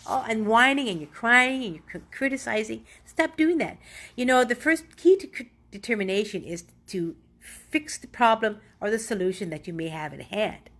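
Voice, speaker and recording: Middle-aged woman, a touch high-pitched, earnest and rambling, giving an off-the-cuff motivational talk. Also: a bit bright. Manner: earnest, rambling, self-correcting. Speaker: motivational vlogger.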